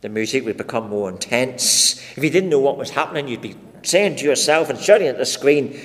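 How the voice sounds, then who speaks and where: A man's voice: mid-range voice, sing-song, moderate pace, hardly any pauses, a bit bright. A man preaching an expository sermon, dramatic and full of rhetorical questions put to his listeners. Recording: long reverb of a large hall.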